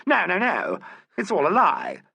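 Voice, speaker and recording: A man reading as a high, panicky stage actress whose voice leaps wildly as she denies everything. The tone is bright and sharp with a breathy edge, like a scared woman near tears, read close to the mic. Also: wildly swooping pitch, brisk, dry recording, exaggerated voice. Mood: hysterical. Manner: pleading, denying, near hysterical. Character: frightened theatrical actress woman, shrill. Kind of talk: audiobook character voice.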